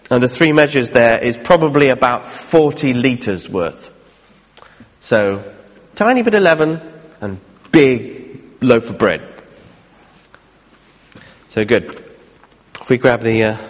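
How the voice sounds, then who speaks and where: A man's voice: mid-range voice, in a large hall. A man preaching a sermon in a conversational way, with jokey asides between readings. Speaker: pastor.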